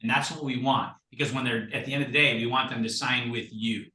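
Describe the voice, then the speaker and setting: Blunt, animated man, roomy and distant. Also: medium pitch, fast talker. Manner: animated storytelling, blunt and salty. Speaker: guest. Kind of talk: casual chat. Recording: roomy sound from far off the mic.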